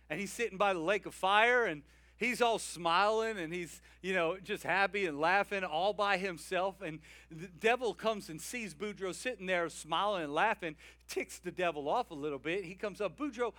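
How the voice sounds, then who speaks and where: A male pastor preaching a sermon in a humorous, energetic way, often calling out to the congregation. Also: high voice, no room sound.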